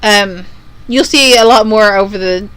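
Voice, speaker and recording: A woman's voice: medium pitch, a little slow, fairly bright tone, smooth, dry recording, low-quality recording. A woman co-hosting a podcast in casual chat, upbeat as she makes announcements. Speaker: podcast co-host.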